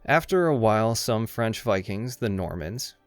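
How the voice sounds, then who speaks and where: A man's voice: fairly low pitch, lively intonation, normal speed, smooth, no echo. A man giving scripted comedic narration for a video essay, irreverent and sarcastic, swearing freely. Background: faint background music.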